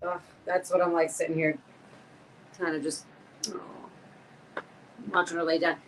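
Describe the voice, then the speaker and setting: Animated woman telling stories on a podcast. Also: lowish voice, a little slow, a little hiss or hum, poor audio. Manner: animated storyteller, acts out quotes, swears casually. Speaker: podcast co-host. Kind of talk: casual podcast chat.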